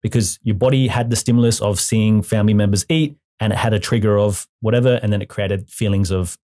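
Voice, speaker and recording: A man's voice: on the low side, steady tone, fairly quick, warm tone. A male hypnotherapy trainer, a guest on the podcast, explaining his methods with humor in a casual interview.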